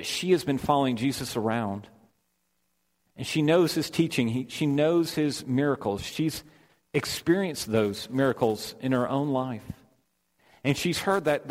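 A man preaching a sermon, retelling the scene earnestly and voicing the quoted lines. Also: mid-range voice. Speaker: pastor. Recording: long hall reverb.

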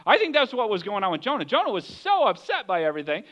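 Animated high-voiced male pastor preaching. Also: fast talker, lo-fi sound. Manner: animated storytelling, acts out voices of characters. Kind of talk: sermon.

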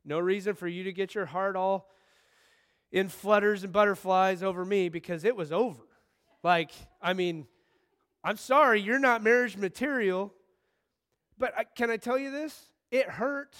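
A man in his thirties delivers a sermon in a high, light voice. He talks to the congregation like a friend, telling stories and breaking into sudden excited bursts. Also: moderate pace. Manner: conversational, animated storytelling with sudden bursts of excitement. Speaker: pastor.

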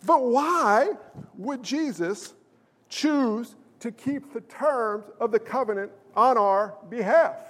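Male pastor, very high voice, emphatic sermon, questions the congregation, long echoing hall. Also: slow pace. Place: church sanctuary.

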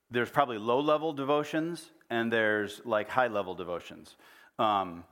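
A man's voice: medium pitch, a bit bright. Conversational middle-aged male pastor preaching. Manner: conversational, asks the congregation questions. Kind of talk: sermon. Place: church.

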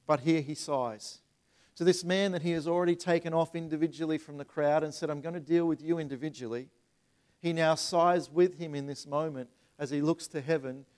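Conversational preacher, man, mid-high voice. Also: darkish tone, smooth. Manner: conversational preaching with rising emphatic passages. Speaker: pastor. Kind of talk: sermon. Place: church sanctuary.

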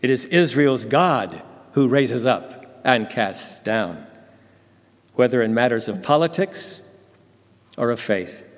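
A man's voice: mid-range voice, expressive, takes it slowly, long pauses. A man telling a Bible story in the first person, dramatic and intense. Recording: long hall reverb.

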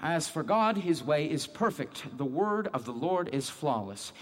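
A man's voice: on the high side, big pitch swings, measured pace. An actor playing a devout, troubled man who reads scripture aloud and keeps questioning his own guilt and faith. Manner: questioning, searching, self-doubting. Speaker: man reading scripture alone. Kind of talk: dramatic monologue.

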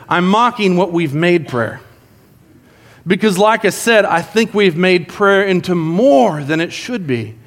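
A man with a high, light voice delivers a sermon with lively storytelling. He acts out the people in his stories and shifts between playful and earnest. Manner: animated storytelling, acts out prayers. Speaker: pastor.

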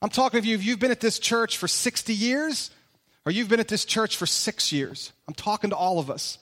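A man's voice: sits high, fairly quick, a bit bright. A male pastor preaching a conversational, emphatic sermon full of direct questions to the congregation in a large church hall.

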